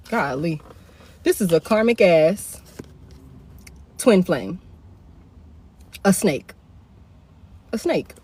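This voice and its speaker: A woman's voice: medium pitch, darkish tone. A woman giving a casual live tarot reading into a phone. She speaks bluntly, swears often, uses heavy slang and repeats her points. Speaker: tarot reader.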